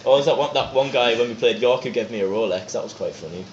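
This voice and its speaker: Fast-talking man. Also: medium pitch, slight background noise. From North East England. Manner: rapid, animated anecdotes with lots of swearing and acted-out quotes. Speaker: band member, podcast guest. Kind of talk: casual storytelling chat. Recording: echoey, slightly dull podcast room recording.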